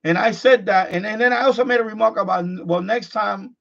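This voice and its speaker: A man's voice: sits high, fairly quick, vocal fry, a bit bright. A middle-aged man hosting a live stream, talking bluntly off the cuff, frustrated, repeating himself and restarting his sentences. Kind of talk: unscripted live-stream monologue. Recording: dull lo-fi stream audio.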